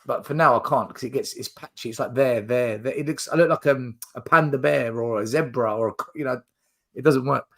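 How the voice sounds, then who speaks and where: A man's voice: medium pitch, brisk, gravelly, a bit bright. A man hosting a casual football fan chat, reading out viewer questions in a chatty way. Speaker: podcast host.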